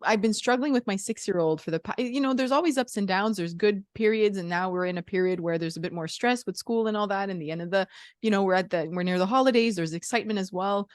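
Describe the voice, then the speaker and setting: A woman's voice: mid-range voice, fast talker, dry recording, clean studio sound. A woman hosting a podcast, chatting earnestly and reflectively with a guest. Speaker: podcast host. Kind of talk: casual interview chat.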